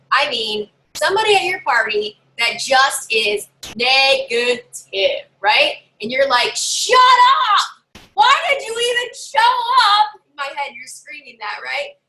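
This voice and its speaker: Animated woman sales consultant, bright voice, a bit high, chatty trainer who acts out customer lines. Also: normal speed, slight background noise, low-quality recording. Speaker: home party sales consultant. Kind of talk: casual training talk to fellow sellers.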